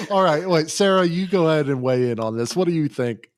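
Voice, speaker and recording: A man's voice: a little high, normal speed, dry recording, studio quality. A man hosting a tabletop gaming podcast, chatting casually and passing questions to his co-hosts. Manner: relaxed, joking, hands out questions to co-hosts. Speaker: podcast host.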